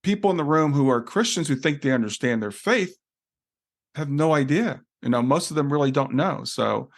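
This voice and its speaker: A man's voice: a little high, expressive, moderate pace. A man hosting an interview podcast, speaking earnestly and thinking aloud. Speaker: podcast host. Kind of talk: casual conversation.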